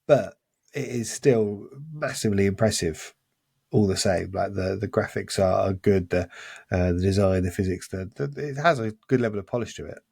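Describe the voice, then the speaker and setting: A man's voice: lowish voice, moderate pace, creaky, a little mellow, slightly rough, dry recording. A man co-hosting a casual podcast, talking enthusiastically and rambling with restarts. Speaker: podcast co-host.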